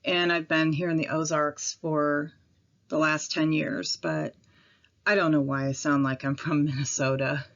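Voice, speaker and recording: A woman with a Midwestern accent talks casually into her camera at home. Her voice sits low, and she rambles a little, with pauses and apologies. The recording is dull and lo-fi. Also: flat delivery. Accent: Midwestern American. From Midwestern United States. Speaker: vlogger.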